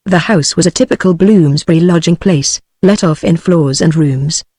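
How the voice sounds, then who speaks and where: A text-to-speech voice of a woman with a British English accent, reading a novel aloud in an even, steady way. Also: lowish voice, normal speed, husky, no room sound, studio quality. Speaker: audiobook narrator. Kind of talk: synthetic audiobook reading.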